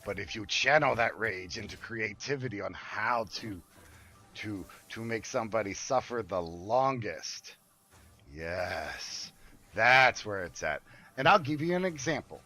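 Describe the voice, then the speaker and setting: A man's voice: lowish voice, expressive, unhurried, sharp tone. An older man streaming a game, telling a long story in a blunt, profane, rambling way. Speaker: gaming streamer. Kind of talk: casual storytelling while gaming.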